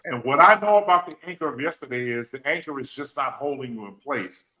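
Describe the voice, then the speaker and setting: A man's voice: mid-range voice, a little fast, background noise. A man hosting a podcast, speaking, repeating phrases and using folksy slang. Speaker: podcast host. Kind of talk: emotional motivational talk.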